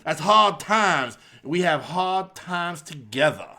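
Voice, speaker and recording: A man doing a slow, preaching, boastful wrestler. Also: on the high side, expressive, creaky, pushed and bright, exaggerated voice. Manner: slow drawn-out preacher-like delivery. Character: brash boastful male pro wrestler preaching. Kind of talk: impression of a wrestling promo.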